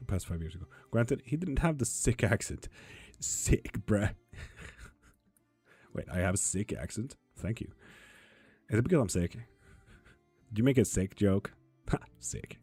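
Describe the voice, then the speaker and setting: Guy doing a live tarot stream, reads chat out loud and answers, low dark husky voice, kinda loose and sweary. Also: lively intonation, unhurried, long pauses, no room sound, faint music behind. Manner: reads viewer comments aloud and answers them, swears casually. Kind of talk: casual livestream chat reading comments.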